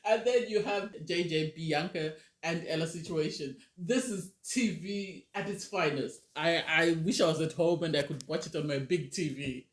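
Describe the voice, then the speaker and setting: A woman casually reviewing a reality TV episode, animated and ranting, often acting out what people said. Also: low-pitched, normal speed, hardly any pauses. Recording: roomy echo.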